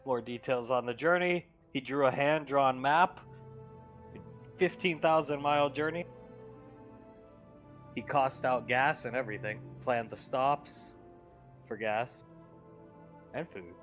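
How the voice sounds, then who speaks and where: A man's voice: medium pitch, slow, pauses often, fairly bright tone, soft background music. A man running a tabletop game as game master, matter-of-fact and listing details.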